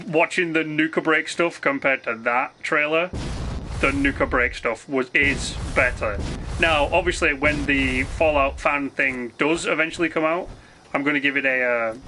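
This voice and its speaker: A man's voice: fairly high pitch, pushed and bright, slight background noise. A man ranting casually on a live game stream, swearing freely, rambling and restarting his sentences. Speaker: gaming streamer.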